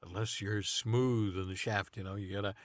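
Deadpan man riffing absurd bits, halting with fillers, dry close mic. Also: on the low side, no echo. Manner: rambling, deadpan, many ums and uhs. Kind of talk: improvised comedy chat.

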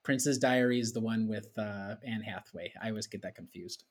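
A man's voice: fairly low pitch, brisk. A man co-hosting a podcast, talking casually and often repeating words as he starts a thought. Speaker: podcast co-host. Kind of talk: casual chat.

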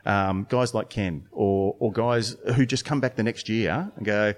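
A man's voice: fairly low pitch, unhurried, slight background noise. Rambling man telling stories. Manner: rambling, many restarts and fillers, storytelling. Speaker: brewer and beer judge. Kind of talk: casual podcast chat.

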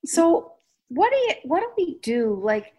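A middle-aged woman hosting a podcast, chatting in an animated way and laughing easily. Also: high voice, a little slow. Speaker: podcast host. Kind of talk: casual chat.

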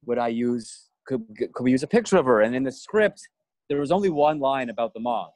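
A man guest on a podcast, telling a story in a self-deprecating way, swearing freely and getting animated as he goes. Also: mid-range voice, fairly quick, dry recording, rough recording. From Canada. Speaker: guest actor.

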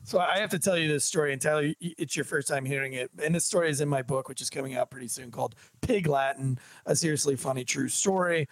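A man who is a police officer, telling a story on a podcast in a casual, animated and joking way. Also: mid-range voice, fast talker, few pauses, no echo. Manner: animated, jokey storyteller, acts out dialogue.

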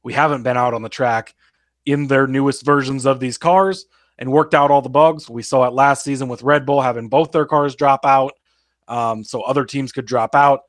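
A man co-hosting a sports betting podcast, laying out his picks in a steady, explanatory, plain-spoken way. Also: mid-range voice, normal speed, dry recording, clean studio sound. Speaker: podcast co-host. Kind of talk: casual sports betting analysis.

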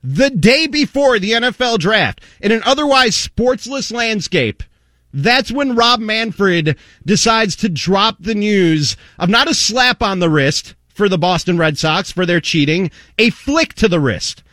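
A man's voice: high-pitched, expressive, unhurried, bright, forceful tone, dry recording, studio quality. A man hosting a sports talk show, angrily and sarcastically ranting at someone who isn't in the room. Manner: angry, sarcastic, repeatedly addressing an absent target. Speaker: sports radio host. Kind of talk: heated sports talk rant.

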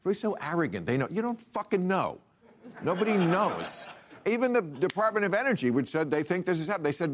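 A man's voice: fairly high pitch, big pitch swings, normal speed, heavy background noise. An older man as a talk show host, delivering a sardonic stand-up monologue in a studio. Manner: sardonic, punchy joke delivery. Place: TV studio with live audience. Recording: loud crowd laughter and applause.

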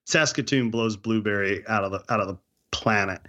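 A man in casual chat, telling a hunting story in an animated, slangy way. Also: lowish voice, a little fast.

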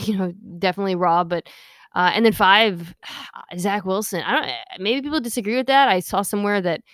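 A woman's voice: mid-range voice, smooth, no echo. Chatty woman podcast host, dry sound. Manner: chatty, quick asides, playful defensiveness. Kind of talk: casual sports podcast chat.

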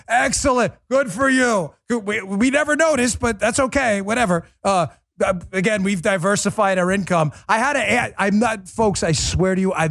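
A man hosts a political commentary show with a mocking, emphatic edge, his pitch sitting higher than most men's. The sound is dry and close, with no room around the voice. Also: fairly bright tone, dry recording. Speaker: podcast host.

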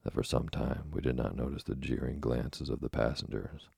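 Deep gravelly guy reading an old sea novel, husky, flat, measured and dramatic. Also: no echo, studio quality. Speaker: narrator. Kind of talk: audiobook reading of a classic novel.

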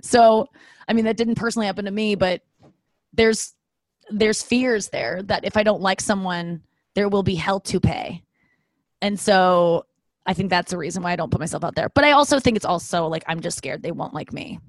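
A woman's voice: medium pitch, normal speed, no room sound. A young woman talking candidly at home in a rambling, self-deprecating way with joking asides. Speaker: vlogger. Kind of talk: candid casual monologue.

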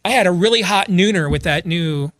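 A man's voice: sits high, fairly quick, a bit bright, no echo, clean studio sound. A man putting on the voice of a sweet-talking, cheating young husband who fawns over his wife. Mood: gushing. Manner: overly sweet, fawning.

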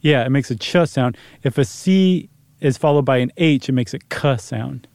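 Mellow-voiced man chatting casually. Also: medium pitch, moderate pace, creaky, no echo. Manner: easygoing, rambling, many fillers. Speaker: podcast co-host. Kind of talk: casual chat.

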